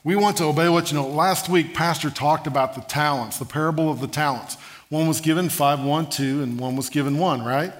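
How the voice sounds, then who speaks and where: A man preaching a sermon, telling humorous stories in an animated way and asking the congregation for an amen. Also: a little high, a little fast. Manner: animated, humorous storytelling with call-and-response.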